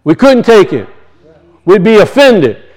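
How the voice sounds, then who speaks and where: Male preacher, very high voice, impassioned sermon delivery, repeats his points, swings between loud and hushed. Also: big pitch swings, unhurried, low-quality recording. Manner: impassioned, repetitive, rising and falling emphasis. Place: church.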